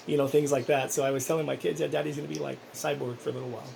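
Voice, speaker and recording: A man's voice: fairly high pitch, level tone, very fast, creaky, few pauses, a little mellow, a little hiss or hum, low-quality recording. A man talking casually in a personal vlog, rambling and earnest, with many restarts. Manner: earnest, encouraging. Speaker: vlogger.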